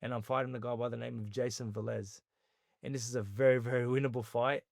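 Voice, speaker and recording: A man with an Australian accent tells his story in a conversational interview, animated and quick to act out other people's words. His voice has a gravelly rasp to it. The sound is dry and close, with no room echo. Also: medium pitch. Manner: animated retelling, acting out others' words in quotes. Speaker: podcast guest, boxer.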